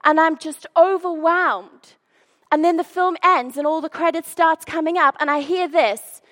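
Brief: woman speaker, high voice, lively sermon storyteller with a self-mocking streak. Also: unhurried. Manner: animated, self-deprecating humor, acts out scenes. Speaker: speaker sharing faith stories.

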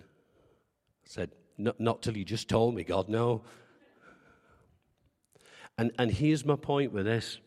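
A man's voice: mid-range voice, expressive, takes it slowly, pauses often, a little mellow. Man preaching with long hall reverb. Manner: conversational, asks the congregation questions; humorous, self-deprecating storytelling. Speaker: pastor. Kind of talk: sermon.

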